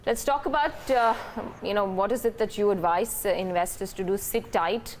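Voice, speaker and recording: A woman with an Indian English accent anchoring a live business news show, talking briskly and conversationally with light fillers. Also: medium pitch, a little hiss or hum. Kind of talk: live market news presenting.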